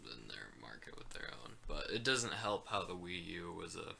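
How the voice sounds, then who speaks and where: A man's voice: deep voice, big pitch swings, normal speed, gravelly, pushed and bright, slight background noise. A man co-hosting a casual gaming podcast, hedging and trailing off into "like" and "I don't know.". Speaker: podcast co-host.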